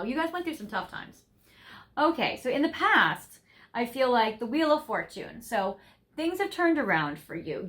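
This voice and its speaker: A woman's voice: mid-range voice, a bit bright. A young woman giving a tarot reading to viewers, gushing and effusive, laughing often as she talks through the cards. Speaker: tarot reader.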